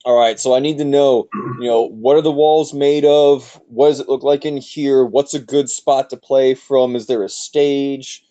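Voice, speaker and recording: A man's voice: medium pitch, fairly even intonation, a little slow, few pauses, warm tone, dull audio, natural voice. A man playing Dandelion, a chatty bard. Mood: eager, friendly. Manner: eager, fires off questions. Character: chatty friendly male bard musician.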